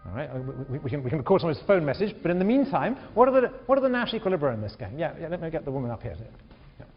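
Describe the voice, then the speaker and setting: Male lecturer, high lively voice, echoey lo-fi hall recording. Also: rapid-fire, faint music behind. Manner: animated, repeats words, questions the class. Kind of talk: university lecture. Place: large lecture hall with balcony. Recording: echoey hall, dull lo-fi sound.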